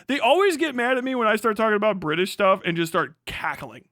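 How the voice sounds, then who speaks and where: A man's voice: high voice, very animated, fast talker, sharp tone, dry recording, studio quality. A man streaming live, chatting in a rambling, profane way and laughing often. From United States. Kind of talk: casual live-stream commentary.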